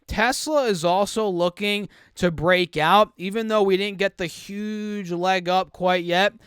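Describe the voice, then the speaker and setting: A man's voice: high voice, fairly bright tone, clean tone, dry recording, clean studio sound. A young man giving casual stock market commentary, recovering from an illness and a little choked on his words. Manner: quick, chatty, self-correcting.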